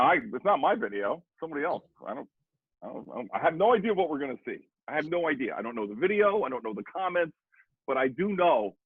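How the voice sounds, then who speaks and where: A middle-aged man, a guest drummer and educator, telling a story in a rambling, animated way, with lots of repeated "I said.". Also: medium pitch, husky, dry recording. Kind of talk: casual storytelling conversation. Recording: dry, tinny phone-like sound.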